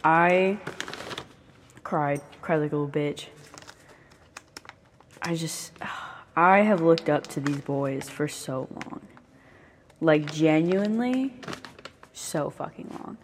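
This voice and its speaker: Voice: medium pitch, slow pace, pauses often, long reverb tail, a little hiss or hum. A young speaker in their twenties with a Southern US accent, rambling casually and swearing often while moving around their bedroom. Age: 20s. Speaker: vlogger.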